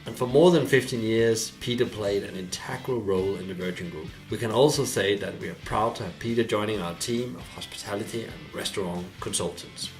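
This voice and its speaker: A man hosting a podcast, reading a scripted intro and then asking interview questions, with slightly off grammar and some slow, stretched phrases. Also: fairly low pitch, faint music behind. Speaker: podcast host. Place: cafe bar in Hove, England.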